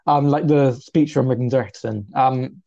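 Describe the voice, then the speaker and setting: A man of twenty co-hosting a casual podcast chat, talkative and self-deprecating, his pitch often jumping up. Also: normal speed, creaky, dull audio. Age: 20s. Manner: chatty, self-deprecating, lively pitch jumps. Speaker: podcast co-host.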